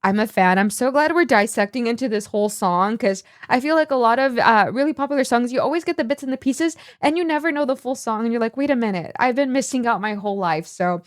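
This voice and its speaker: A woman's voice: on the high side, quick pace, hardly any pauses, dry recording, studio quality. A woman hosting a music reaction video, talking in a chatty, gushing way with lots of filler words. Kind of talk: casual reaction commentary.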